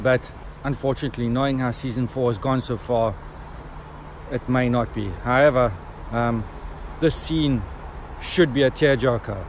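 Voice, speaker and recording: A man's voice: mid-range voice, a little hiss or hum. A middle-aged man, chatting casually to camera as a reviewer, rambling with frequent ums. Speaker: book and TV series reviewer. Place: in a car on a road trip.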